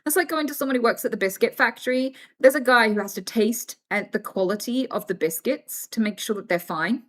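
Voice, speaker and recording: A woman's voice: fairly high pitch, fairly quick, fairly bright tone. A young British woman chatting casually on a livestream, frank and swearing freely as she tells stories.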